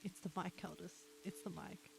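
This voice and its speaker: A young woman streamer chatting softly and reading poems aloud in a breathy, near-whispered voice through a retro telephone-style mic filter. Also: lowish voice, fairly even intonation, moderate pace. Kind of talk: casual chat and poetry reading. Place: home streaming room. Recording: filtered lo-fi mic with faint rain.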